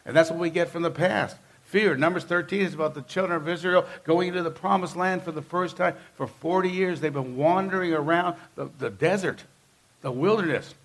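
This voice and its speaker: A male pastor delivering a sermon with a gravelly, slightly raised voice. He keeps it conversational but emphatic, and he hammers points home by repeating phrases. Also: fairly high pitch, brisk.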